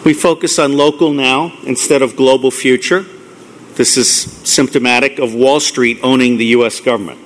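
A middle-aged man giving a live lecture to an audience, blunt and profane, ranting excitedly. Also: medium pitch, moderate pace, slight background noise. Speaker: conference speaker.

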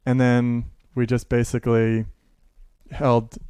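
A man from the Seattle area who works as a teacher and maker, chatting casually in an interview, telling lively stories that he acts out, with frequent laughter. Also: medium pitch, takes it slowly, smooth, dry recording. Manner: animated storyteller, laughs often, acts out quotes.

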